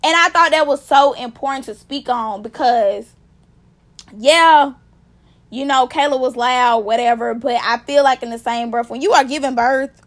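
A woman telling a story to her viewers in casual vlog commentary, animated and emphatic, swearing freely as she rants. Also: high-pitched, moderate pace. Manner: animated, profane, emphatic ranting; speaks directly to viewers. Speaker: vlogger.

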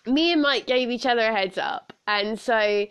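Woman, southern English accent, chatty podcast host, giggles often, stuffed-up nose, slightly high voice. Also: moderate pace, smooth. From south of England. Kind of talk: casual solo podcast chat.

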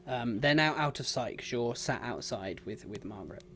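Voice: mid-range voice, lively intonation, normal speed, fairly bright tone, slight background noise. Hesitant tabletop game master. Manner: hesitant, many ums while describing.

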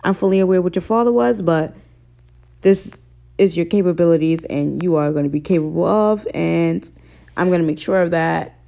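A young woman rattles on in a gravelly, fry-laden voice, excitable and swearing freely. Her tone is dark and mellow, loose slang pouring out as she talks straight to her viewers. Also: fairly low pitch, normal speed. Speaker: vlogger. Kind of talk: casual excited vlog talk.

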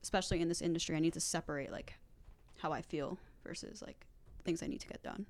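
A woman's voice: sits low, fairly even intonation, quick pace. A young woman co-hosting a podcast in casual chat, hesitant and full of fillers. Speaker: podcast co-host.

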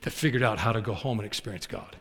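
Animated preacher in an echoing hall. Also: male voice, on the low side, fast talker, gravelly. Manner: animated, folksy storytelling with acted quotes. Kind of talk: storytelling sermon.

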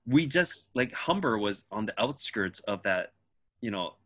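A young man in casual chat, telling animated stories and swearing freely. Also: on the low side, measured pace, dry recording. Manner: animated storytelling, frequent swearing.

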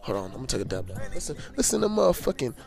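A young man telling a rambling, profane story in casual slang, growing loud and animated when worked up. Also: mid-range voice, racing, creaky.

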